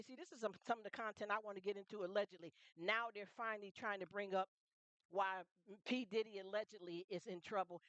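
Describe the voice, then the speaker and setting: A woman's voice: mid-range voice, fairly bright tone, dry recording. A middle-aged woman hosting a casual livestream chat, emphatic and repetitive, often asking her audience if they understand. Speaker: livestream host.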